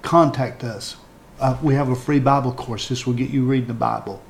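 A man's voice: mid-range voice, fairly even intonation, normal speed, creaky, a little hiss or hum. A man preaching as a pastor, leading a sinner's prayer with fervent, repetitive phrasing and frequent restarts. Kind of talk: sermon and altar-call prayer.

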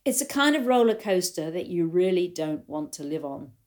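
Thoughtful and storytelling in manner, an older female riding coach speaks reflectively to riders, bringing quotes to life animatedly. She has a lowish voice and a normal pace.

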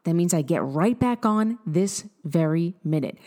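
A woman in her thirties giving an upbeat, direct coaching talk to listeners, with lively bursts of emphasis. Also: fairly low pitch, a little slow, hardly any pauses. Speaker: mindset coach.

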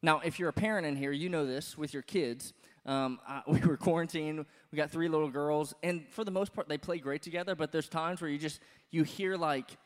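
A man in his thirties preaching a sermon as pastor, conversational and animated, with many fillers and restarts. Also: on the high side, clear, resonant tone. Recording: long hall reverb.

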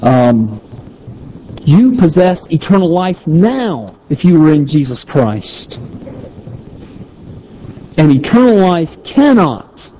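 Slow, emphatic male pastor preaching. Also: fairly high pitch, sing-song, mellow, dull audio, a little hiss or hum. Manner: slow, emphatic, repeats key phrases. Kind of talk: sermon.

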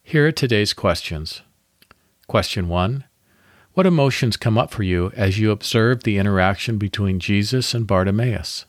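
A man hosting a devotional podcast, reading a guided Bible meditation in a calm, measured way with pauses. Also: on the low side, no echo, studio quality.

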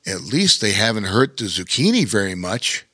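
A man doing a gentle, kindly bear king. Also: lowish voice, very animated, moderate pace, slightly rough, dry recording, studio quality, exaggerated voice.

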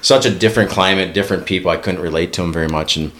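A man in his thirties from Minnesota with a very deep, low voice, chatting as a podcast guest. He tells his story casually and slips into the voices of people he's quoting. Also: very fast, a bit bright. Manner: storytelling, acts out remembered dialogue. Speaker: podcast guest, police officer and Marine veteran. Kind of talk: casual chat.

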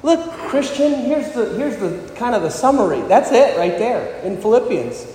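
A man's voice: big pitch swings, moderate pace, mellow. A man preaching a sermon, earnest, rising for emphasis as he reads and explains scripture. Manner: earnest, rises in pitch and volume for emphasis. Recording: echoey hall.

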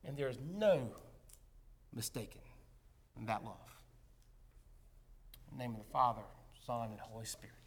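A male pastor delivering a sermon, telling a story with rising intensity and then slowing into quiet, deliberate reflection. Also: mid-range voice, breathy edge. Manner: dramatic storytelling that swells loud, then drops to a hushed, slow close.

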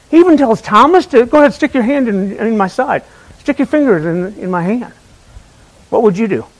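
A man's voice: sits high, low-quality recording. A man preaching an Easter sermon in a conversational way, asking the congregation questions and telling a funny personal story. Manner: tells a personal story with humor.

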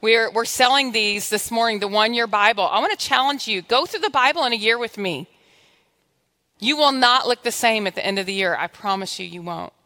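Bright woman preaching in a big hall. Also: fairly high pitch, brisk. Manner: animated storytelling, acts out dialogue with God. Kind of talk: sermon. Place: church sanctuary. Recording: long hall reverb.

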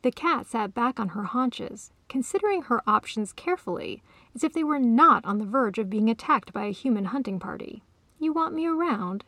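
Woman storyteller with a gravelly voice. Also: on the high side, expressive, normal speed, bright, forceful tone, dry recording. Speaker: author and storyteller. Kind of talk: storybook narration.

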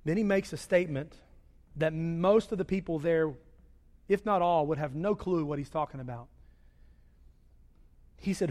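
A man preaching a sermon, swinging between loud raised delivery and hushed low passages. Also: moderate pace, pauses often. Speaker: pastor. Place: church sanctuary. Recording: long reverb of a large hall.

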